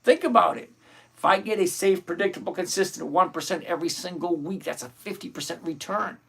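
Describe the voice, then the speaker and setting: Male livestream host, middle-aged, gravelly, slightly raised pitch; blunt, animated, chatty with viewers. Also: a little fast. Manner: blunt and animated, thinks aloud, greets viewers by name. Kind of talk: live options-trading stream, reading viewer requests.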